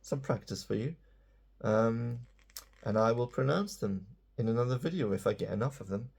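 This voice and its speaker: A man's voice: mid-range voice, moderate pace, gravelly, darkish tone, husky. A man giving a casual, playful English lesson, chatty and self-mocking. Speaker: English teacher.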